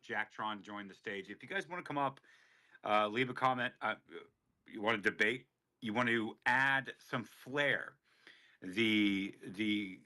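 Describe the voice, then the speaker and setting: A man co-hosting a casual political stream, blunt and quick to chime in with agreement. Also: fairly low pitch, sharp tone. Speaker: co-host.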